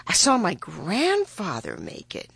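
A woman's voice: fairly low pitch, wildly swooping pitch, unhurried, gravelly, fairly bright tone, slightly rough, dry recording, heavily acted. A woman playing a coy, scheming young heroine. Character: clever, calm young woman, a miller's daughter.

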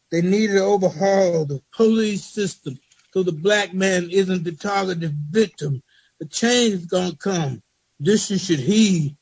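A man reading a spoken word poem he wrote, in a slow rhythmic delivery with repeated refrains. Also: high-pitched, creaky, darkish tone, slightly rough, dry recording, low-quality recording. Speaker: poet reading his own poem.

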